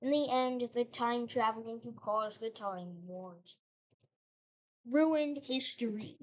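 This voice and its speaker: A woman with a slightly high voice talks slowly as she hosts her channel, narrating a fictional history story. She wanders casually and drops in joking asides; the recording sounds dull and lo-fi.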